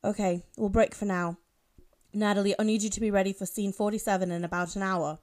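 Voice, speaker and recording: A woman voicing a bossy male film director, speaking in a put-on deeper tone. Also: steady tone, a little fast, darkish tone, natural voice. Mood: directing. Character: bossy film director man, giving orders.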